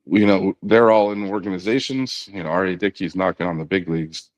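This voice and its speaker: A middle-aged man, a podcast guest, telling a long personal story in a relaxed conversational way, quoting others in his own voice with frequent "you know" and restarts. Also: low-pitched, brisk, no echo. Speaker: podcast guest, former knuckleball pitcher.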